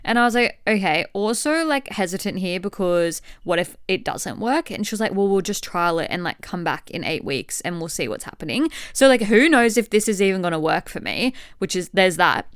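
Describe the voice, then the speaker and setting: A young woman in her twenties talks casually on her solo podcast. Her voice is smooth and clear, with a dry, close sound and no room echo. She swears freely and acts out conversations as she tells them. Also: medium pitch, fairly quick, hardly any pauses. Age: 20s. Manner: chatty, swearing, animated retelling with quoted dialogue. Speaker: podcast host. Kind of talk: candid solo podcast chat.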